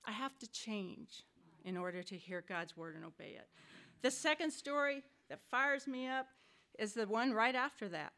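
A woman shares a personal reflection on scripture with a church group. Her voice sits a little high and rings brightly. She tells the stories with emphatic, animated energy. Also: normal speed. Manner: emphatic, animated storytelling, acts out quotes. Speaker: church member sharing a reflection.

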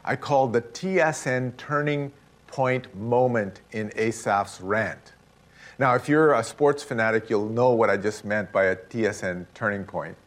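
A middle-aged man delivers a sermon in a mid-range voice. His pitch swings widely as he stresses points and acts out the lines he quotes. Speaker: pastor.

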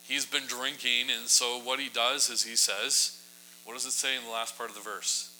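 Bright, forceful preacher telling a story. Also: male voice, mid-range voice, little pitch movement, moderate pace, a little hiss or hum, poor audio. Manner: casual, humorous storytelling with asides. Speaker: pastor. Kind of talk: sermon.

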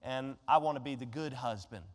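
A man preaching a sermon, telling a Bible story in an animated way and throwing rhetorical questions at his congregation. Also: mid-range voice, moderate pace, in a large hall. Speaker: pastor.

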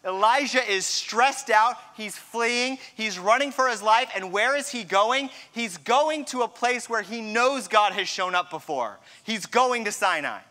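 A man preaching a sermon, retelling a scripture story with dramatic pauses and a hushed drop near the end. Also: high-pitched, lively intonation. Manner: storytelling, dramatic drops to a hush.

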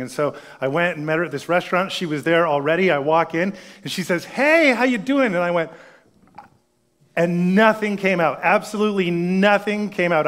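A man in his thirties preaching a sermon, telling a family story in a conversational way before turning to scripture. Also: fairly high pitch. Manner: storytelling, conversational, drops to a hush for solemn lines. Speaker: pastor.

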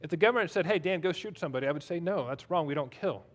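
A man's voice: on the high side, lively intonation, rapid-fire. A man preaching a sermon in a conversational, self-deprecating way, reading scripture aloud between his own remarks. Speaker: pastor.

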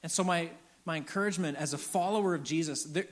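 A man's voice: a little high, quick pace. Earnest man preaching a conversational sermon. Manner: conversational, earnest, retells scenes with lively asides to the congregation. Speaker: pastor.

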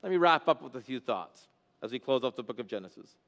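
A man's voice: medium pitch, lively intonation, fast, gravelly, a bit bright, in a large hall. A pastor preaching an expository sermon, a man whose voice climbs and drops for emphasis as he explains scripture.

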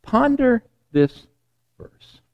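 A man giving a sermon in a loose, conversational way, often restarting phrases and dropping to a hushed tone. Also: extremely high pitch, very animated, drawn-out words. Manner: conversational and digressive, many repeated starts. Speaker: preacher.

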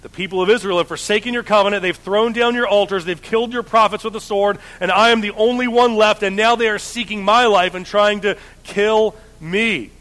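A man's voice: sits high, fairly even intonation, fairly quick, hardly any pauses, fairly bright tone. A man voicing an earnest prophet who speaks in casual modern phrasing. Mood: despairing. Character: earnest prophet, hopeful then despairing.

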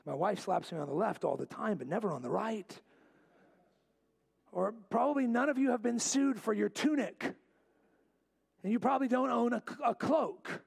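A man preaching a sermon in a church, repeating key lines and dropping to a low, quiet voice to stress them. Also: moderate pace, vocal fry, pauses often, breathy edge. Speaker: pastor. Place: church sanctuary.

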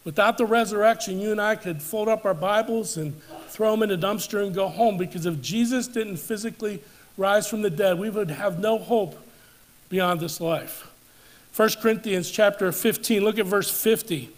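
Man, pastor, high voice, church sermon, deliberate preaching, slows for emphasis. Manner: measured preaching, slowing and dropping for emphasis, rising on climactic scripture. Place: church service.

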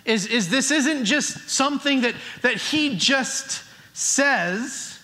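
A man's voice: extremely high pitch, expressive, slow, bright, forceful tone. A middle-aged man preaching a sermon as pastor, earnest and emphatic. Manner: earnest, builds emphasis with restarts.

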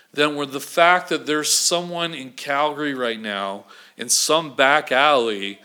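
In a mid-range, bright and forceful voice, a man delivers a conversational sermon. As a pastor, he keeps checking in with his congregation, often asking "okay?"

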